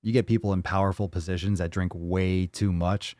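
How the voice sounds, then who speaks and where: A man with a low voice hosts a casual livestream, talking bluntly in a loose, rambling way and swearing freely. The sound is close and dry, with no room around it. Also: fairly even intonation, a little fast, a little mellow, dry recording. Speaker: livestream host.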